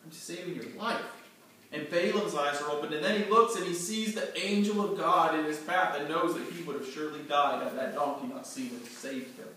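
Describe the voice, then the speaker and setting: A man retells a scripture story with lively, animated delivery and questions to the group. His voice is a bit higher than most men's. The room echoes heavily and the mic sits far off, with faint noise behind. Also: fairly quick, few pauses. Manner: animated, acts out scenes, quizzes listeners. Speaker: Bible teacher. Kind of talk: storytelling Bible lesson.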